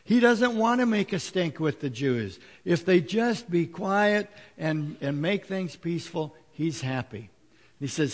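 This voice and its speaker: A man's voice: a little high, lively intonation, unhurried, big-room sound. A man preaching a sermon as a pastor, talking conversationally with fillers and rhetorical questions.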